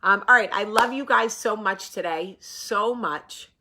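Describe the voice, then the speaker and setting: Bright-voiced chatty woman from New Jersey. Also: medium pitch, unhurried. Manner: chatty storyteller, acts out voices in anecdotes. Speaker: vlog host. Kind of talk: casual morning chat to camera.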